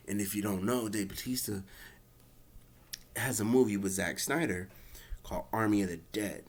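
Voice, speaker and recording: A man's voice: lowish voice, normal speed, pauses often. A man casually recapping and reviewing a wrestling show, rambling with many fillers. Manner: rambling, lots of fillers, acts out quotes.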